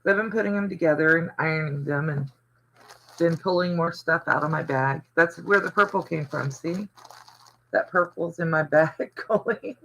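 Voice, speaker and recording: A slightly high, gravelly voice at normal speed with a fairly bright tone comes from an older man of the American South. The audio is poor with slight background noise as he hosts a casual livestream, rambling through stories and answering viewer comments.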